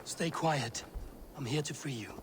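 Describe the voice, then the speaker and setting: An actor voicing a male Viking warrior in a video game, speaking quietly and steadily to reassure a captive. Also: medium pitch, measured pace, very noisy, natural voice. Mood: calm. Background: loud game music.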